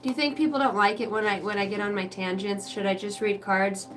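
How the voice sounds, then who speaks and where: A woman's voice: mid-range voice, fairly even intonation, fairly quick, distant mic, music in the background, rough recording. A woman hosting a card-reading livestream, venting in a rambling, profane way and chatting with viewers by name. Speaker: oracle card reader and livestream host. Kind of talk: casual livestream rant.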